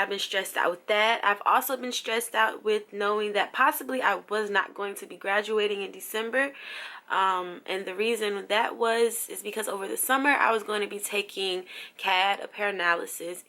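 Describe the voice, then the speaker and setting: A woman's voice: medium pitch, moderate pace, pushed and bright. A young woman from New Jersey talking through a personal update in a casual, emotional vlog, full of fillers. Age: young adult. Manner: chatty, lots of fillers, emotional. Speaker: vlogger.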